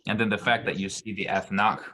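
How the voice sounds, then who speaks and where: A man teaching grammar in a very low, deep voice. He explains patiently and haltingly, with frequent ums and restarted phrases. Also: fairly even intonation, bright, forceful tone. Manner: hesitant, many ums and restarts. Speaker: Hebrew grammar tutor.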